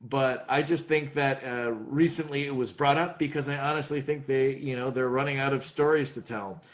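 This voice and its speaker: A male voice actor chatting casually in an interview, animated and often slipping into character voices. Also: mid-range voice, moderate pace. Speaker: voice actor guest.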